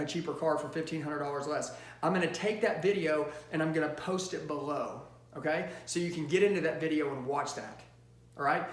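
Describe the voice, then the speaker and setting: A high-voiced man coaches salespeople with loud, emphatic energy, pushing his points hard. His voice rings in a roomy, echoing space. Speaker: sales trainer. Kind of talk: motivational sales training talk. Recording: roomy echo.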